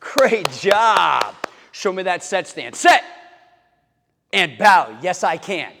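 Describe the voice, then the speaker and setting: A martial arts instructor teaches kids karate to camera, upbeat and encouraging as he calls out chants and drill counts. His voice sits high with big pitch swings, slow and creaky. There's background noise and a long hall reverb.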